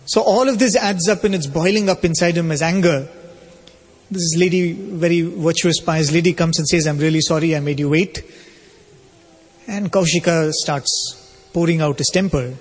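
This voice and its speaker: A man telling a spiritual story as a sermon, in a measured, explanatory way. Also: fairly high pitch, husky. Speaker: spiritual speaker. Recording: long hall reverb.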